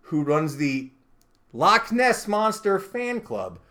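A man's voice: sits high, takes it slowly. A man co-hosting a podcast, chatting casually and often laughing as he reads out news stories. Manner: animated, laughs often while reading news. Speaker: podcast co-host. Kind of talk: casual chat.

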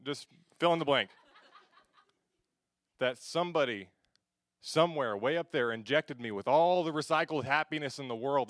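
A teenage boy from Alaska performing a self-mocking spoken word piece, swinging between hushed lines and loud bursts. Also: medium pitch, dry recording, studio quality.

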